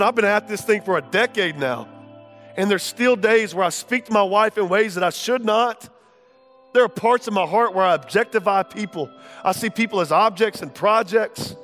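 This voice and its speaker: A man in his thirties preaching a sermon with passion, swinging from shouts to hushed tones. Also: sits high. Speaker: pastor.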